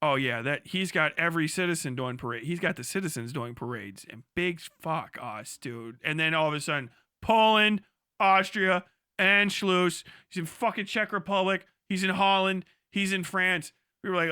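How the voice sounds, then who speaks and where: A man's voice: high-pitched, moderate pace, no room sound, clean studio sound. A man streaming live who gives crude, incredulous reaction commentary, swearing constantly and exclaiming in disbelief. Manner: profane, incredulous, animated. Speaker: livestreamer.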